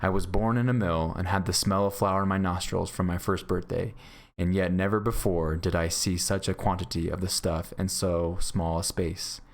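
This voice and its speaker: A blunt young outlaw from an old storybook, a miller's son who speaks plainly and to the point, read aloud by a man. The voice stays low and unadorned. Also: fairly even intonation, moderate pace, creaky. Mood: rueful.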